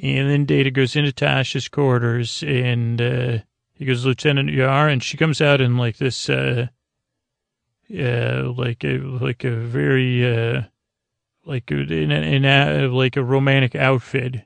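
A man's voice: mid-range voice, little pitch movement, a little slow, vocal fry, no echo. A man hosting a podcast, recapping an episode in a casual, rambling way with many fillers and restarts. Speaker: podcast host.

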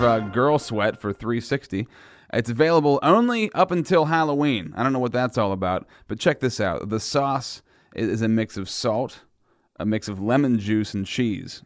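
A man's voice: mid-range voice, no room sound, studio quality. A man hosting a radio show, joking and rambling in casual chat.

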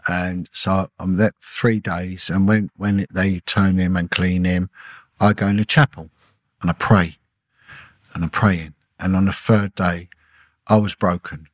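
A middle-aged man, a former detective, telling an emotional personal story in a halting way, repeating words and acting out what people said. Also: low voice, fairly even intonation, no echo. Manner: halting, repeats words, acts out quoted dialogue. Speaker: podcast guest, former police detective.

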